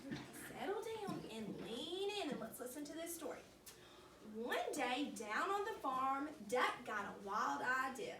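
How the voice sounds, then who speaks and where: A young woman teacher reading a picture book to a kindergarten class, high-voiced and full of swooping, animated inflection. She is picked up from across a roomy, echoing classroom, with steady noise around her. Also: normal speed, distant mic. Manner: animated and encouraging, asks the class questions.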